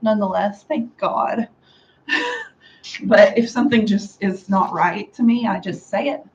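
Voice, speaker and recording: A woman chats her way through styling her hair, sarcastic and laughing often. Her voice sits at a middling pitch. The home recording sounds slightly dull, with a faint hum of room ambience behind her. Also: fairly even intonation, a little slow. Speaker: beauty vlogger. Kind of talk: casual hair tutorial chat.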